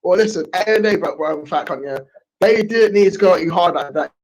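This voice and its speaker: A taunting man on a live online call, his voice high and husky. He trades insults and bursts out loudly. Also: brisk, rough recording. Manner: taunting, insulting, loud outbursts. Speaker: caller on live stream. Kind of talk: heated live stream argument.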